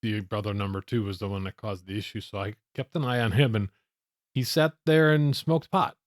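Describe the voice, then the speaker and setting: A man's voice: lowish voice, fairly even intonation, brisk, dry recording. A man co-hosting a casual chat, laid-back with a dry sense of humor. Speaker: co-host, husband.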